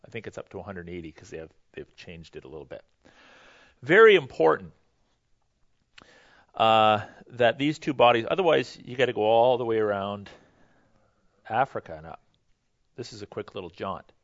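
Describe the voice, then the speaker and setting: A man teaching a history lesson in a loose, conversational way, pausing with fillers and correcting himself as he goes. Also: on the low side, animated, no echo, dull audio. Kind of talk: history lecture to a class.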